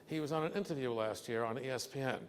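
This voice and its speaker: A man's voice: medium pitch, quick pace, slight background noise. Older man, keynote lecture, folksy anecdotes, joking asides, reverberant hall. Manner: folksy, joking storyteller who asks "okay?" often. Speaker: keynote speaker. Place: breakfast event hall. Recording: echoey hall with long reverb.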